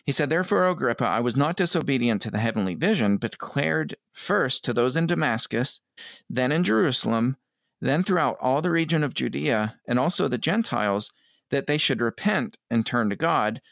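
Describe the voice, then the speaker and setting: A middle-aged man talking earnestly as an interview guest, often quoting others in quick asides. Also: medium pitch, lively intonation, vocal fry, fairly bright tone, no room sound, studio quality. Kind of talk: conversational interview.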